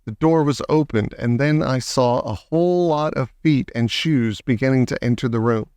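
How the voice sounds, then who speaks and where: A man reading a children's novel aloud in a measured, expressive way. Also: medium pitch, clean tone, no room sound. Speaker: audiobook reader. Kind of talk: storybook narration.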